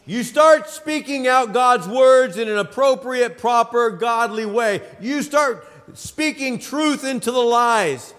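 A man in his fifties preaching a sermon, with emphatic delivery, dramatic pauses and lists, in a church sanctuary. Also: very high-pitched, fairly bright tone. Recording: long hall reverb.

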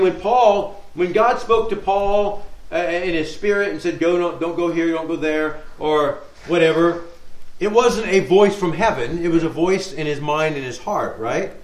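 A man's voice: high voice, measured pace. Man teaching Bible study in echoey hall. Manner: conversational, reads scripture aloud, asks rhetorical questions. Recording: echoey room sound.

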